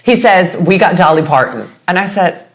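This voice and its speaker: A woman chatting as a podcast guest. She tells stories with energy and jumps into high, bright voices when she quotes other people. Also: normal speed. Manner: animated storyteller, acts out quotes with big pitch jumps. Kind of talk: casual chat.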